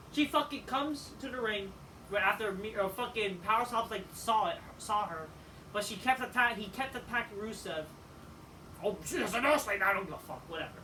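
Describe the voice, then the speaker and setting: A man giving a casual, rambling review of a wrestling show, swearing often and filling pauses with "like" and "you know.". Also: extremely high pitch, sharp tone. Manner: profane, rambling, with frequent fillers. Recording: distant mic with faint background noise.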